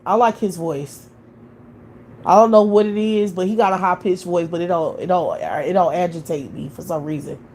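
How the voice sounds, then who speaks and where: A woman's voice: lowish voice, darkish tone, slight background noise. A woman hosting a live stream, talking in a blunt, profane, opinionated way in casual chat.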